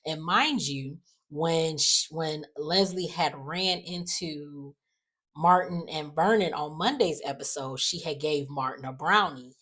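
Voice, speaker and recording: Woman, low voice, casual recap vlog, rambling, acts out character lines. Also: slow, a bit bright, slightly rough. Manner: retells scenes by acting out the characters' lines; loose and rambling, with frequent "like" and "you know". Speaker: soap opera recap vlogger. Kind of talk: casual chat.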